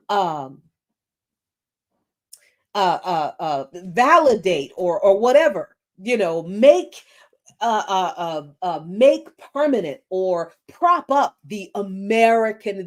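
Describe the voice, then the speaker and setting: A woman hosting an unscripted political commentary stream. She talks slowly, her pitch swinging widely as she presses her points. She often hunts for the right word, with restarts and fillers, then lands blunt, forceful statements. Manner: searching for words, many fillers and restarts, blunt and emphatic.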